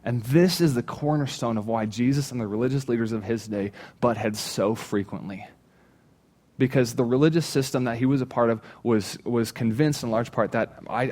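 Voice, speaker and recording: A man in his thirties, a pastor giving a sermon, telling a funny personal story and acting out his own shouts. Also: medium pitch. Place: church stage.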